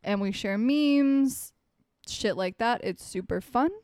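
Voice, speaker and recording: A woman's voice: on the high side, slow pace, darkish tone, smooth, dry recording, studio quality. A young woman co-hosting a casual true-crime podcast, joking and swearing freely between laughs. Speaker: podcast co-host.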